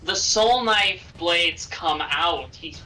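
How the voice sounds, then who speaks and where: Slow-talking bright-voiced man player. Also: fairly high pitch, a little hiss or hum, rough recording. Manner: slow, deliberate describing of his moves. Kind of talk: tabletop game play.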